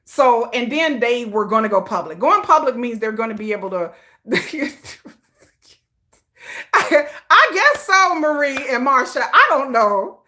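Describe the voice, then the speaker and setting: A woman with a fairly high pitch and a measured pace hosts a casual K-pop stream. Old enough to have a teenager, she reads viewers' comments with lively sass, slangy put-downs, and plenty of laughter.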